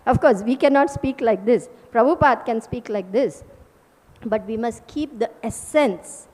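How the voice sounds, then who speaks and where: A woman's voice: fairly high pitch, unhurried, darkish tone, big-room sound. A woman teacher giving a scripture class, emphatic and forthright, with rhetorical asides.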